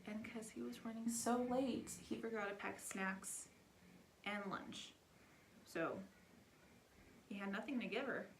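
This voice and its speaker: Casual storytime vlogger, young woman, chatty, rambling with fillers, mid-pitched voice. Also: measured pace, pauses often, a little hiss or hum. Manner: chatty, animated, heavy with filler words.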